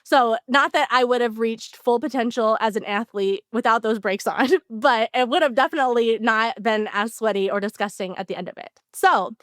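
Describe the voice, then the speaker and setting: A woman co-hosting a podcast, telling an animated story in casual chat with lots of "like" fillers. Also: fairly high pitch, normal speed, hardly any pauses, no echo, clean studio sound. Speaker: podcast co-host.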